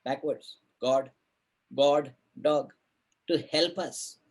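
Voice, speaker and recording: A man giving a spiritual discourse, telling a parable in an animated way and acting out the characters' voices. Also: fairly high pitch, very slow, breathy edge. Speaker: spiritual speaker.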